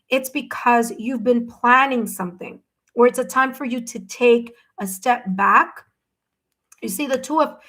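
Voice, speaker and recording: A woman hosting a live stream, giving gentle, reassuring tarot readings to viewers and often checking in with "okay?". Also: on the high side. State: hiccups. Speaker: tarot reader.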